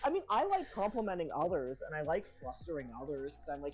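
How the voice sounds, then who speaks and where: A man's voice: a little high, huge pitch swings, fast. A young man chatting casually on a stream, flustered and laughing at himself, his voice cracking now and then. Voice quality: voice cracks at times. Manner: flustered, laughing, self-deprecating. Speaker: guest streamer.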